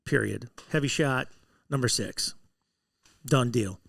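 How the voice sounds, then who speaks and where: A man's voice: medium pitch, slow pace, creaky, a bit bright, no room sound, studio quality. A man co-hosting a podcast, chatting casually with short, blunt, decisive answers. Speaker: podcast co-host.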